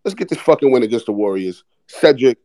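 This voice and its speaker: A young man, hosting a podcast in a casual, animated, profane fan rant about his team. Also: mid-range voice, quick pace, no room sound. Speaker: podcast host. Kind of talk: casual sports talk.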